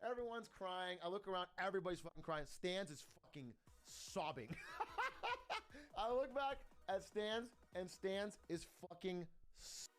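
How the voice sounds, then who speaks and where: Animated young man telling a story. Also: high-pitched, measured pace. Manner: animated, swears often, laughs between lines. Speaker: streamer. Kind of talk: casual storytelling on a livestream.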